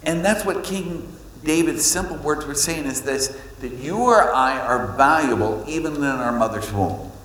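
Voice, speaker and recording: A man preaching a sermon, reading scripture and telling stories, with his pitch jumping up on points he wants to stress. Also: normal speed, hardly any pauses, slight background noise. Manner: animated storytelling, pitch leaps on emphasis. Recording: echoey hall with long reverb.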